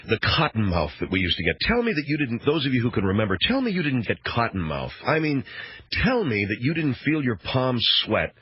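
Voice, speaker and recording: A man's voice: medium pitch, husky, no echo. A man hosting a radio talk show, rambling through a sarcastic, mock-outraged monologue. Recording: dull, dry radio broadcast.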